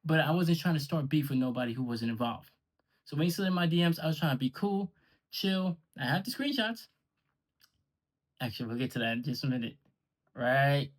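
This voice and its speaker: A man's voice: fairly high pitch, expressive, a little fast, pauses often. A man delivering a confrontational, sarcastic and profane callout rant to the camera about a league he runs. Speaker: online league owner.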